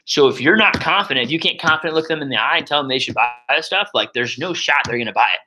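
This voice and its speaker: Fast-talking energetic young man coaching. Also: on the high side, rough recording. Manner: energetic and loud, says so himself, many fillers. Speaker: sales trainer. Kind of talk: casual coaching walkthrough.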